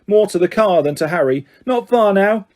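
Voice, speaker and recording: A man voicing an anxious teenage wizard boy who gets jumpy and shouts when scared, in an audiobook reading. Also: high voice, animated, dry recording, clean studio sound, voice pushed up. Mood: nervous coaxing.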